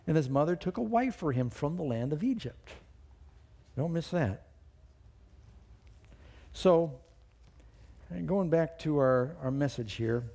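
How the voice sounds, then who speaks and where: Mellow-voiced male preacher telling stories. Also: mid-range voice. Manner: storytelling, reads scripture aloud with rising emphasis. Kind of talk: sermon with personal stories.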